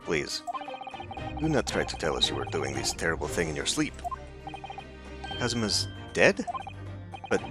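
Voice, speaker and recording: A flustered young male law student, read by a man. He sounds panicked and confused, his voice jumping in pitch over game music. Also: very animated, measured pace, pauses often.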